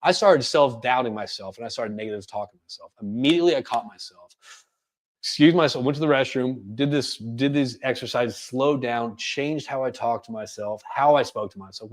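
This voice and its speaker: Guy running a career webinar, rushed energetic delivery, lots of uh's and restarts. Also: medium pitch. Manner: rapid, energetic delivery with frequent fillers and restarts. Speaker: webinar presenter. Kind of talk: webinar coaching talk. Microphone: webinar microphone.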